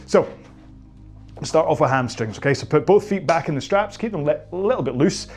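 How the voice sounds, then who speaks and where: A man's voice: on the high side, expressive, fairly quick, a little mellow, soft background music. A man in his forties with a Scottish accent, coaching a stretching routine in a chatty, joking, self-mocking way. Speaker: indoor rowing coach. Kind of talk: guided stretching class, casual chat.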